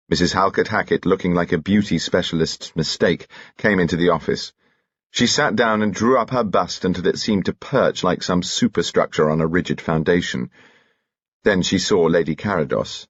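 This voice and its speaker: A man narrating a detective novel as an audiobook, in an even, composed manner. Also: low-pitched, moderate pace, husky, no echo, dull audio.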